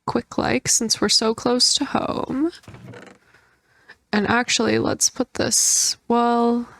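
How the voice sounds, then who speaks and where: A young adult woman giving gameplay commentary, excitable and prone to squealing outbursts. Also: on the high side, slow, gravelly, dry recording. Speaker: gaming creator.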